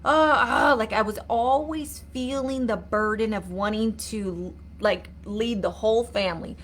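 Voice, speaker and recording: Earnest woman coach, slightly high voice. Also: unhurried, fairly bright tone, slight background noise. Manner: earnest, repetitive, asks viewers to comment. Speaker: mindset coach. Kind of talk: live-streamed motivational talk.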